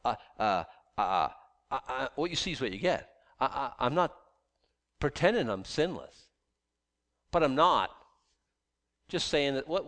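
A man's voice: a little high, fairly bright tone. A man preaching a sermon in a conversational way, often restarting and repeating words as he goes. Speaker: pastor.

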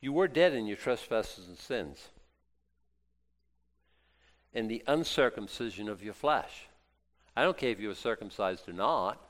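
A man preaching a sermon as a pastor, folksy and jokey, dropping to quiet asides and then rising to loud, excited exclaims. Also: unhurried, pauses often. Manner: animated, swinging from low asides to loud exclaims; folksy, jokey Bible teaching.

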